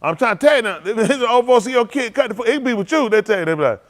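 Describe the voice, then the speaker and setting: A man, a preacher telling loose, animated stories to his congregation, laughing often and repeating himself as he goes. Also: extremely high pitch, quick pace, hardly any pauses. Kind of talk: loose storytelling sermon.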